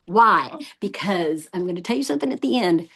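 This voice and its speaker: A woman's voice: mid-range voice, fairly quick, breathy edge. A woman giving a motivational training talk to a group, telling stories and laughing often. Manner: lively storyteller, laughs often. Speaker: sales team trainer.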